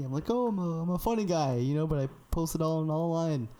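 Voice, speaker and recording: A man's voice: on the high side, fast, dark tone. A young man co-hosting a casual podcast, telling stories in a laid-back way and laughing often. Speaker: podcast co-host. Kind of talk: casual chat.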